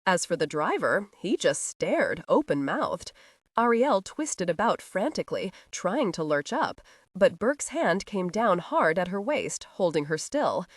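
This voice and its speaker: A woman narrating a historical romance audiobook in an expressive storytelling manner. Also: lowish voice, measured pace, no room sound, clean studio sound. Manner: expressive, voices each character.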